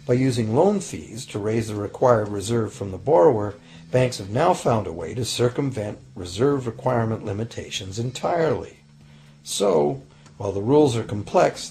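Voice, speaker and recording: Male narrator, low and gravelly, calm explainer, faint music bed. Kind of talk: scripted documentary narration. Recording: voice-over with faint music behind.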